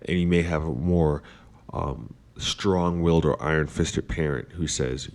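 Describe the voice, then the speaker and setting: A man's voice: extremely low pitch, steady tone, measured pace, a little mellow. A man hosting a casual philosophical monologue, rambling with many fillers and restarts. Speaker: podcast host.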